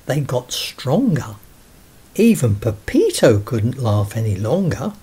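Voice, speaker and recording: Brief: male storyteller, sing-song rhymes, breathy tone. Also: mid-range voice, darkish tone. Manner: sing-song rhyming delivery. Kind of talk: rhyming storybook reading.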